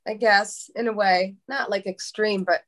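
A woman's voice: mid-range voice, steady tone, a little slow, fairly bright tone. A woman in her thirties from New York, speaking as an interview guest in a candid, emotional way, often restarting and repeating words as she searches for what to say. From New York, USA.

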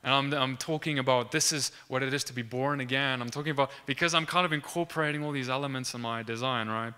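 Bright, clear young man telling a testimony. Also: mid-range voice, fairly even intonation, fast talker. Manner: earnest, lots of restarts and acted-out dialogue. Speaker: student sharing a faith testimony. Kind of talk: animated testimony storytelling.

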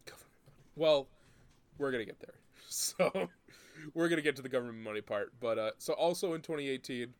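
A man hosting a casual podcast chat, an animated, profane storyteller who laughs often. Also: medium pitch, fast, clean tone, no echo.

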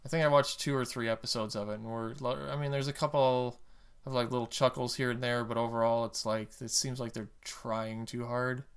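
A man's voice: medium pitch, little pitch movement, fairly quick, smooth. A man co-hosting a casual podcast, rambling about TV and games with dry jokes and trailing restarts. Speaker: podcast co-host.

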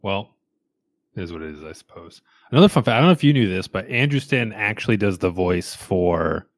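A man with a very low voice chats on a podcast. He reacts with short, dry remarks. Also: lively intonation, a little fast. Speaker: podcast co-host. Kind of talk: casual podcast chat.

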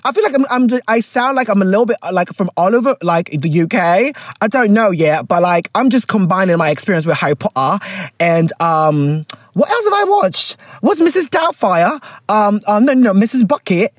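A woman's voice: medium pitch, very animated, normal speed, dry recording, studio quality. A woman hosting a podcast, rambling playfully in a put-on British accent. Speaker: podcast host. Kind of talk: casual podcast chat.

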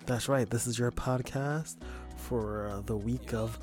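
A man hosting a comedic podcast, hoarse with his voice nearly gone, joking and self-mocking. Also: mid-range voice, fairly even intonation, measured pace, music in the background. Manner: jokey, playful, self-mocking. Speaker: podcast host.

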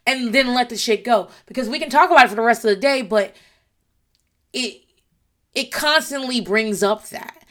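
A mother talking casually about parenting, blunt and animated, with plenty of swearing. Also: a little high, normal speed, pauses often.

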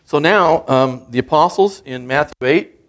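A man's voice: a little high, normal speed. A man preaching a sermon as a guest speaker, in an earnest, conversational way that builds in emphasis.

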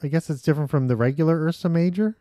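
A man co-hosting a podcast in casual chat, chatty and rambling, quick to laugh. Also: fairly high pitch, warm tone, dry recording, clean studio sound. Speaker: podcast co-host.

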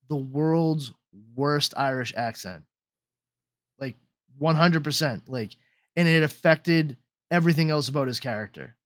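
A man's voice: a little high, dry recording, clean studio sound. A man hosting a podcast in casual chat, rambling with lots of swearing and trailing off mid-sentence. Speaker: podcast host.

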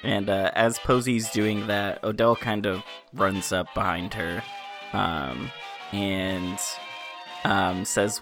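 A player describing their character's actions in a tabletop game, relaxed and unhurried. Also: low voice, over music. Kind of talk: tabletop role-play.

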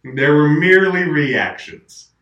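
A man hosting a casual chat and telling an animated anecdote. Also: fairly high pitch, takes it slowly, muffled recording. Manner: animated storyteller, acts out quotes. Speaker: podcast host telling a story. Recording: roomy, mic at a distance.

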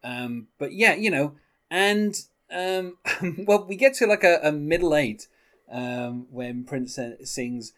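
A man's voice: expressive, slow. Rambling man quoting song lyrics. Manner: rambling, many fillers, quotes lyrics in a soft low voice. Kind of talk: casual music discussion.

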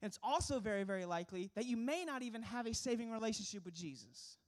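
A man's voice: sits high, expressive, fast talker. A young man preaching as a pastor, earnest and emphatic, asking the congregation rhetorical questions. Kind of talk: sermon.

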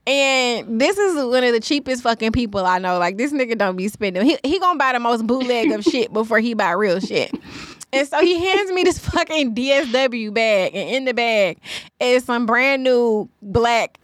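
A woman in her thirties with a fairly high voice tells a story on a podcast. She is loud and profane and acts out each person's lines with energy. Her voice sounds dry and close, with almost no room around it. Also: moderate pace, no room sound. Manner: profane, animated storyteller who acts out quotes. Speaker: podcast co-host. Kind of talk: casual storytelling chat. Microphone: studio microphone.

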